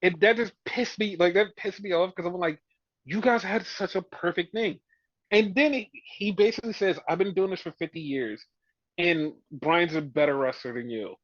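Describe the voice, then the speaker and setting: A man's voice: high voice, normal speed, fairly bright tone, no room sound, lo-fi sound. A man co-hosting a podcast, ranting with exasperation about a wrestling show and swearing freely. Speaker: podcast co-host. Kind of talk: casual wrestling review chat.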